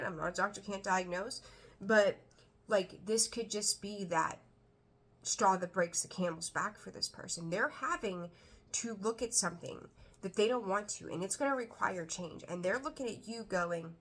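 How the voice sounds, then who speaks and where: A woman's voice: mid-range voice, moderate pace, fairly bright tone. A woman giving a casual tarot reading, talking bluntly and chattily, swearing now and then. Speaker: tarot reader.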